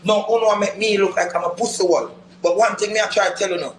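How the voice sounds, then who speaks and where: A Jamaican man hosting a live stream, excitedly shouting hype at his viewers during a battle. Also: sits high, quick pace, slight background noise.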